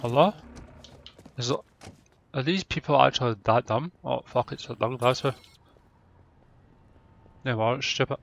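A man commentating his gameplay, loud and excitable, swearing often. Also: medium pitch, a little slow, creaky, pauses often. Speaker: gamer. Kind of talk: let's-play commentary.

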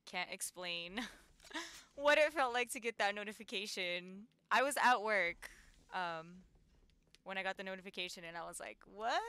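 A young woman streaming gameplay, talking to her viewers in an excitable, giggly way with frequent gasps and exclamations. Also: medium pitch, a little hiss or hum. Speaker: gaming streamer. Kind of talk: live gameplay commentary.

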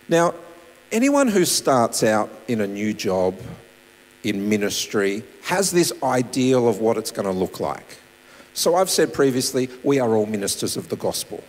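Man, pastor, sermon, animated delivery, long reverb of a church hall. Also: medium pitch. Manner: animated, swings between loud emphasis and soft asides.

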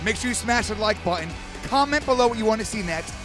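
Male street host, high and bouncy voice, foul-mouthed hype energy, handheld mic outdoors. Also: expressive, quick pace, over music. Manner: loud, profane, hype-man energy. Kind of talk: hyped vox-pop interviewing. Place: outdoor stadium parking lot.

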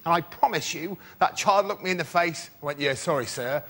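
A male comedian telling a story on stage, breaking into shouted impressions. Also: high-pitched, brisk. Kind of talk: stand-up routine. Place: TV studio stage. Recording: loud studio audience.

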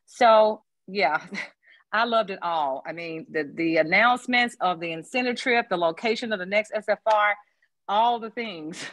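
A woman's voice: medium pitch, a little slow, fairly bright tone, no room sound. A woman chatting casually on a video call as a panel guest, gushing and rambling with frequent laughs. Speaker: sales consultant on a panel.

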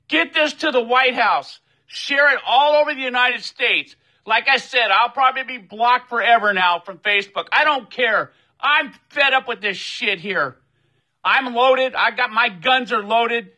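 A man's voice: very high-pitched, a little slow, sharp tone, rough recording. A furious man ranting to his social media followers, swearing often and demanding that his video be shared. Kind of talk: angry profane rant to camera.

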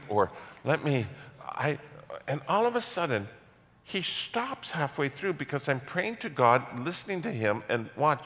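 Middle-aged male pastor, animated storyteller, lively pitch, big reverberant church hall. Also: measured pace. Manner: animated storytelling with self-mocking humor. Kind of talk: sermon.

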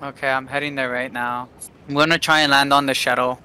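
Bright-voiced young man, deadpan jokes. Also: medium pitch, fairly quick, a little hiss or hum. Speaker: guest gamer. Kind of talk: casual gaming chat.

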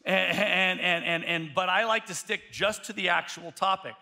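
A male pastor preaching a sermon, telling a story in an animated way, often restarting his sentences. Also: sits high, moderate pace, vocal fry.

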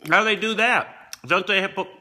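A man casually reviewing fast food on camera, tasting and commenting between bites. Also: high-pitched, sharp tone, a little hiss or hum.

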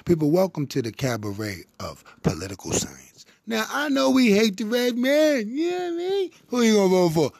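High-voiced man preaching spoken-word verse. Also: huge pitch swings, moderate pace, gravelly, hardly any pauses, darkish tone, dry recording, clean studio sound. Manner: rhythmic, preachy, emphatic with repetitions. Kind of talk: spoken-word political poetry.

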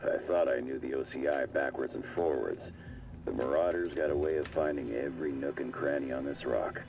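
An actor playing a gruff male prospector recorded on an audio log, speaking in terse, wry hard-boiled lines with a gravelly voice. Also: fairly quick, background noise. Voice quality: gravelly, very deep. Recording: distant game audio log.

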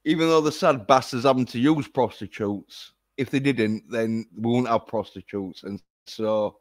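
A man's voice: mid-range voice, normal speed. A man ranting profanely in a casual livestream. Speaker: vlogger.

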